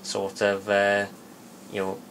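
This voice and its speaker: A man giving a casual spoken tutorial, rambling and halting with many fillers and restarts. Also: lowish voice, monotone, fairly bright tone, a little hiss or hum. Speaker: video tutorial maker.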